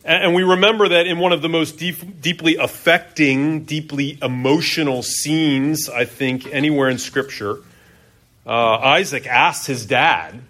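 A middle-aged man preaching a sermon as pastor, conversational, asking his listeners questions and often pausing on "uh". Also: on the high side, pushed and bright. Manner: conversational, asks the congregation questions.

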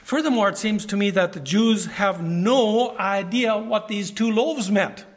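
A man's voice: sits high, unhurried. A man giving a Bible teaching sermon who reads scripture passages aloud and then comments on them. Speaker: preacher.

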